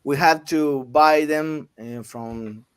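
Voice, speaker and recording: A man from Argentina interviews a guest in English. His smooth, slightly high voice moves slowly, with frequent pauses and restarts. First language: Spanish. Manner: halting, many fillers and restarts. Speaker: interviewer, host.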